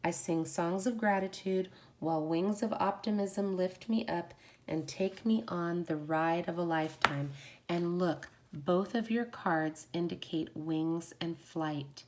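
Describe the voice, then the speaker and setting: A woman's voice: lowish voice, a little mellow. Gushing woman reading oracle cards. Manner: effusive, exclaims and giggles often, reads affirmations slowly. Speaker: oracle card reader. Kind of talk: live-streamed oracle card reading.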